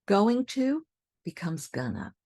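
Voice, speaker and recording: A woman English teacher, speaking slowly and clearly as she models example sentences. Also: medium pitch, very animated, dark tone, no room sound, clean studio sound. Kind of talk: slow, careful teaching.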